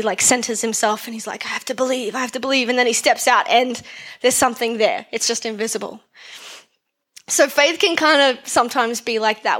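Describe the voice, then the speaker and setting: Higher-voiced woman preaching a casual sermon. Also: fairly bright tone. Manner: conversational, asks the congregation questions; repeats phrases for emphasis.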